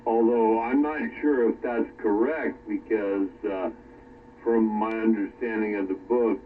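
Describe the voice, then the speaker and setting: Low-voiced man on a tinny radio line. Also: steady tone. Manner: rambling, halting with many fillers. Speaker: radio chat participant. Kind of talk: casual chat. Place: workshop. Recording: distant, phone-like radio with faint noise.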